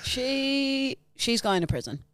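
A woman's voice: high voice, sing-song, slow, a bit bright, dry recording. A woman co-hosting a podcast, chatting casually, laughing and playfully reining in her partner. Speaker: podcast co-host. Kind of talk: casual comedic chat.

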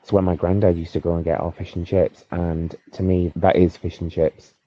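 A man's voice: deep voice, little pitch movement, normal speed, warm tone, muffled recording. A man chatting in a rambling, jokey way from his bed, recorded as a phone voice note. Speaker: listener sending a voice note. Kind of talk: casual voice note. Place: in bed at home.

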